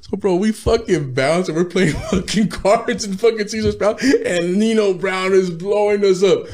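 A man's voice: high-pitched, moderate pace, darkish tone. A man, a rapper guest in his thirties, telling profane, laid-back stories with frequent laughs in a casual interview.

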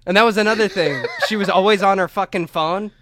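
A young man co-hosting a podcast, telling a family story in a lively, profane way and acting out the voices of the people in it. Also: sits high, fast talker, slight background noise. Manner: animated, profane, acts out quoted voices. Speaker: podcast co-host. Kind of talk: casual storytelling chat.

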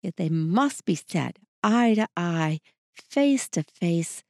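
A woman's voice: slow, no room sound, clean studio sound. A woman hosting a relationship advice show, talking expressively and acting out the lines she quotes. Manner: expressive, acts out quoted lines with varied pitch. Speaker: podcast host.

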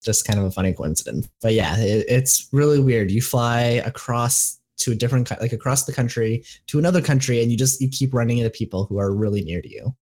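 A man from Canada co-hosting a podcast, telling an anecdote in a relaxed, easygoing way. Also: medium pitch, quick pace, hardly any pauses. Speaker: podcast co-host. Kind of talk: casual chat.

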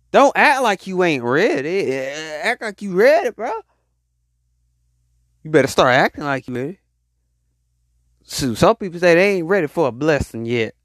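Animated man preaching to his listeners. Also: a little high, dry recording, studio quality. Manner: call-and-response exhortation, drawn-out hype. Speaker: podcast host. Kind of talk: motivational preaching monologue.

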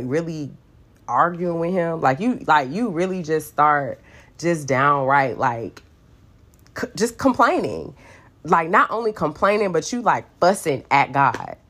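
A woman giving a casual, playful Bible talk full of fillers and asides. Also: low voice. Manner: chatty and playful, many fillers, acts out voices. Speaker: Bible teacher. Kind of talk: casual devotional teaching.

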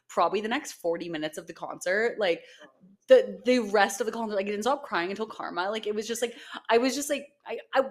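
A young woman co-hosting a podcast in casual chat, gushing and swearing freely, with lots of "like" and "um". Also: medium pitch. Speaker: podcast co-host.

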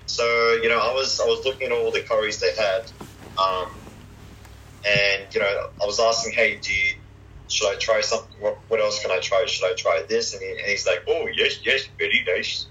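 Give me a bright, tense-sounding young man. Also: lowish voice, fairly even intonation, brisk, lo-fi sound. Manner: hesitant, full of fillers and restarts. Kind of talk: casual chat.

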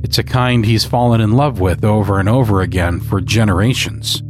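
A man narrating a dark story in a measured, scripted storytelling manner. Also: lowish voice, soft background music.

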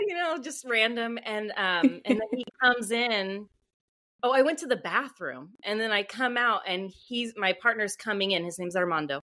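A woman author, a podcast guest, telling a story in a chatty, animated way with lots of fillers. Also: fairly high pitch. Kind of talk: casual podcast interview storytelling.

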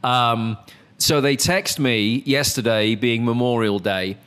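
A man's voice: medium pitch, takes it slowly, a bit bright, smooth. Sarcastic English man hosting a podcast. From England. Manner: dry, teasing, sarcastic. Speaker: podcast host. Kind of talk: casual chat.

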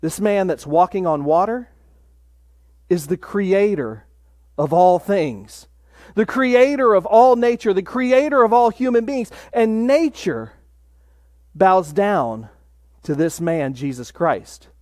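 A man preaching a sermon in a measured way, dropping to a hush for emphasis. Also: high-pitched, animated, no echo, clean studio sound. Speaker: pastor.

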